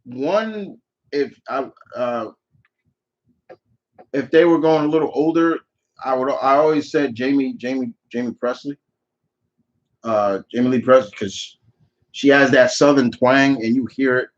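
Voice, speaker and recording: A man's voice: medium pitch, measured pace, long pauses. Male host for a live Q&A stream, mid-range voice, opinionated and rambling with lots of restarts, on slightly dull lo-fi audio. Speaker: channel host answering viewer questions. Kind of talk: live Q&A chat.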